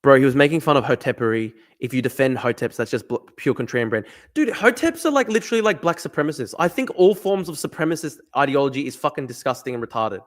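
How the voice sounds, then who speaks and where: A man streaming a guessing game, thinking aloud, swearing and getting excited. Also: medium pitch. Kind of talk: live-stream commentary while playing a guessing game.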